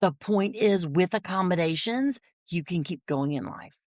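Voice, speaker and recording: A woman, a podcast guest telling a personal story, animated and quick to laugh. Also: lowish voice, no echo, clean studio sound. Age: 40s. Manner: animated storyteller, acts out family voices, laughs often.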